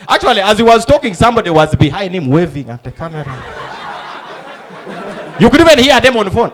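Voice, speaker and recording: Lively Ugandan comedian telling stories. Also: male voice, high voice, fast. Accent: Ugandan English. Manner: animated storytelling, acting out characters. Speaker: stand-up comedian. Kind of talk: stand-up comedy. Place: comedy club stage before a live audience. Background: audience laughter.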